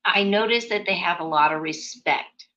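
Bright-voiced chatty woman host. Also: fairly low pitch, normal speed. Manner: chatty, reads listener questions, laughs easily. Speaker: radio show host. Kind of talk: casual chat. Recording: dull lo-fi audio.

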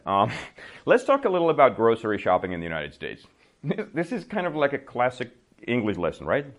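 A man giving a casual English lesson, telling a story and often checking that listeners follow with "right?", laughing between remarks. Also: mid-range voice. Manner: chatty, checks understanding with frequent "right?". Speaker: English teacher.

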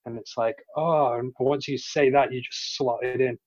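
A man's voice: medium pitch, fairly even intonation, normal speed, muffled recording. A man co-hosting a podcast, teasing and rambling in casual chat. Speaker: podcast co-host.

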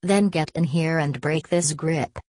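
A woman voicing a determined young man who gives urgent, forceful orders in a storybook reading. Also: sits low, measured pace, no echo, studio quality.

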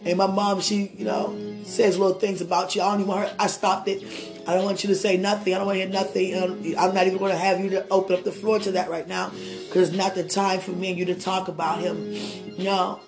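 Woman, emotional monologue, rambling and tender, keeps asking if he understands, sitting on a bed, soft guitar in the background. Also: mid-range voice, flat delivery, quick pace. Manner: rambling, affectionate, often asks "you understand?". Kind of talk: emotional monologue to a loved one.

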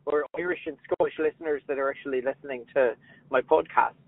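A man's voice: medium pitch, quick pace, vocal fry, dry recording. A male podcast host in casual chat, jokey and full of restarts, who likes trying out silly voices. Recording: dry tinny phone-like line.

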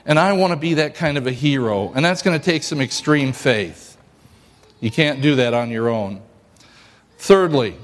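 A male pastor giving a sermon in a church, joking and telling stories in a lively way. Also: mid-range voice, moderate pace, in a large hall.

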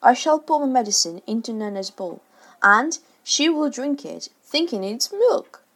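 A woman voicing a blustering, self-pitying middle-aged father in a storybook reading, talking loudly and shouting. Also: fairly high pitch, very animated, a little slow, heavily acted.

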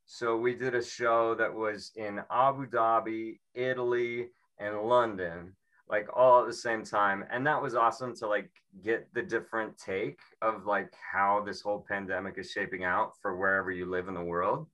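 Bright-voiced rambling comedian man. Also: on the low side, steady tone, normal speed. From Seattle. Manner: rambling, self-mocking, breaks into mimicry. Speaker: stand-up comedian. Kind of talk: stand-up comedy set.

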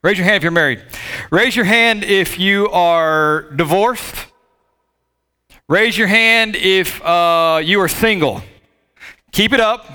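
A man's voice: sits high, slow, pauses often, pushed and bright, clear, resonant tone. A man preaching a sermon as pastor to his church, joking and talking straight to the congregation. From Southern United States. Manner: joking, talks to the congregation directly. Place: church sanctuary with live audience.

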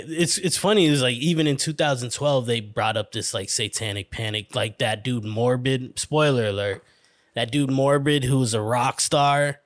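A man's voice: mid-range voice, dry recording, studio quality. Profane, rambling man hosting a podcast. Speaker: podcast host. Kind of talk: casual podcast chat.

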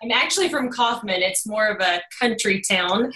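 A woman's voice: medium pitch, normal speed, sharp tone, reverberant, recorded from a distance, rough recording. A woman in her thirties with a Texas twang, chatting as a podcast guest with lots of fillers. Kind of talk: podcast interview.

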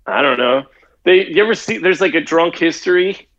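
Brief: slangy male podcast co-host, animated delivery, dull lo-fi sound. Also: fairly high pitch, normal speed. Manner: rambling, slangy, laughs a lot. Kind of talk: casual chat.

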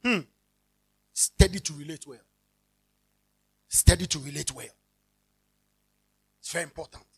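A pastor with a Ghanaian accent preaching a sermon, animated, mixing English with Twi and acting out everyday scenes, now and then shouting for emphasis. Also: mid-range voice, measured pace, pauses often, husky.

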